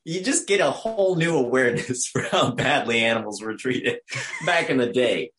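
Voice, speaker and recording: A man's voice: mid-range voice, lively intonation, normal speed, crowd noise. A man co-hosting a casual film discussion, joking and laughing often as he talks. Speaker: podcast co-host.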